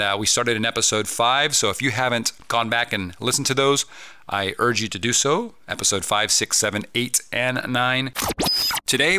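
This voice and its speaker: A man hosting a podcast, talking casually and upbeat, often asking listeners rhetorical questions. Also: fairly low pitch. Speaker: podcast host. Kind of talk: casual solo podcast talk.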